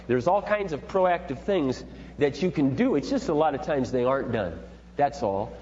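A middle-aged man leading a parenting seminar, talking in a rambling, folksy, animated way to a group. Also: medium pitch, normal speed. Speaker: seminar leader. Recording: dull echoey hall with faint hum.

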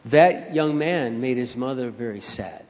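An older man preaching a sermon as pastor, moving from quiet storytelling into loud, rising appeals. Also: medium pitch, unhurried. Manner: emphatic preacher who swings between soft storytelling and loud rising appeals. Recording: dull sound with long hall reverb.

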